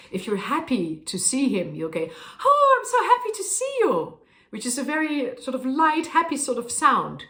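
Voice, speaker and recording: A woman's voice: medium pitch, a bit bright. Thoughtful woman singer in a roomy space. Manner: thoughtful, explanatory, with frequent fillers. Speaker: opera singer. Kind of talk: explaining her craft to camera. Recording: roomy echo.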